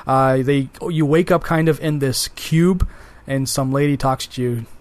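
A man's voice: medium pitch, unhurried, dry recording. A man co-hosting a casual games podcast, talking in a chatty, eager way. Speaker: podcast co-host. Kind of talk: casual chat about games.

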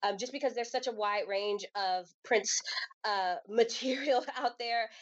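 A woman's voice: medium pitch, no room sound. A woman co-hosting a podcast, agreeable and giggly, with many fillers in casual chat. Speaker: podcast co-host. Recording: dull, dry lo-fi podcast audio.

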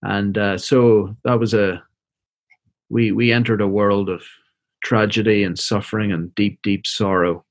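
A middle-aged man, a seminary professor and minister, telling a personal story as an interview guest in a soft, reflective, halting way, often repeating words as he goes. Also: fairly low pitch, little pitch movement, dry recording.

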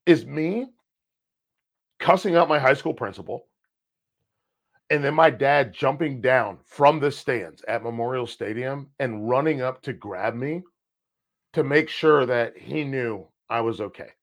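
A man co-hosting a podcast, telling personal stories in a casual, animated way and swearing freely. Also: mid-range voice, measured pace. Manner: animated, swears freely, acts out past conversations. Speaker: podcast co-host. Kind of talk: casual storytelling chat.

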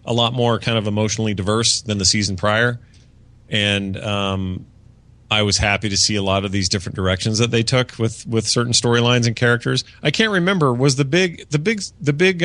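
A man co-hosting a podcast, chatting casually and rambling through fillers and false starts. He sits at a mid pitch on a close mic. The room has almost no echo. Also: bright, forceful tone. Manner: rambling, many fillers and restarts. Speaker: podcast co-host. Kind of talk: casual chat reviewing a TV season. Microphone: podcast studio mic.

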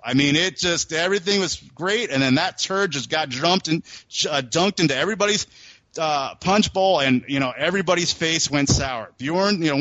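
A man's voice: a little high, fairly bright tone, no room sound. A man co-hosting a podcast, telling a long story in a casual, rambling way, full of restarts. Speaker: podcast co-host. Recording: dull, dry recording.

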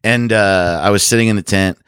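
A young man with a lowish voice rambles through a profane anecdote, filling it with "uh" and "like" in easy podcast chat. He sounds close and dry, with no room around him. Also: fairly quick, fairly bright tone, clean tone, no room sound. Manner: rambling, profane anecdote telling with many fillers. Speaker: comedian guest. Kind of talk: casual storytelling chat.

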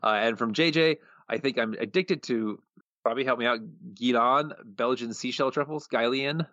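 A male podcast co-host in casual chat, reading listener answers aloud with a chuckling, quick delivery, on slightly muffled audio. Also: medium pitch, a bit bright, no room sound.

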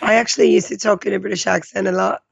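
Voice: medium pitch, little pitch movement, fast, vocal fry, husky, no echo. A podcast co-host from New Jersey, talking bluntly and with strong opinions in casual chat. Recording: dull, dry lo-fi recording.

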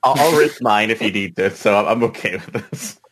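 Lower-voiced, halting male player. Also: expressive, fairly bright tone. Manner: halting, stammering. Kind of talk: casual tabletop play.

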